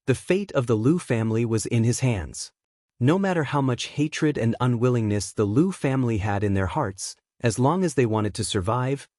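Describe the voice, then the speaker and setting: A man narrates a martial-arts fantasy audiobook in a steady, even reading voice. His pitch sits right in the middle. The recording is dry and close, with no room sound at all. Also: no echo.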